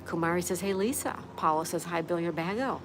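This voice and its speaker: A woman's voice: lowish voice, expressive, brisk, background noise. A middle-aged woman hosting a casual livestream, reading out viewer comments in a chatty, friendly way. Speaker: livestream host.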